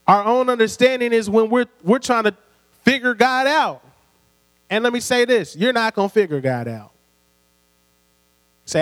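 A man with a high voice preaches a sermon. His delivery is conversational and full of call-and-response, with light laughs between points. His voice rings with long hall reverb over a steady mains hum. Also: moderate pace. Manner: call-and-response, prompting the congregation.

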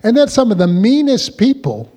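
A man's voice: very high voice, sing-song, normal speed, warm tone, long reverb tail. A man preaching a sermon as pastor, drawing the congregation in with call-and-response questions.

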